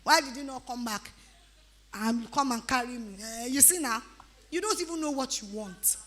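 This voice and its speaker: Nigerian woman, 30s, youth retreat speaker; bright high voice, playful scolding delivery. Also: normal speed. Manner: animated, teasing, breaks into pidgin-flavored asides. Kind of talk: lively exhortation to teenagers.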